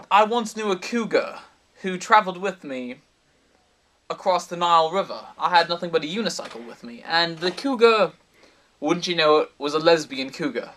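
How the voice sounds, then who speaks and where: A man spins a rambling, absurd comic tale in a deadpan delivery. His voice sits a little high and has a bright, forceful edge. He sounds set back from the microphone. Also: moderate pace, recorded from a distance. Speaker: comedic storyteller. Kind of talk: absurd rambling comedy monologue.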